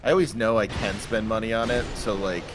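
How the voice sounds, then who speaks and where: A man with a low voice chats casually and slips in wry, teasing jokes. The recording carries a clear background noise. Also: fairly even intonation, fairly quick. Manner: wry, joking asides. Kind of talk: casual chat.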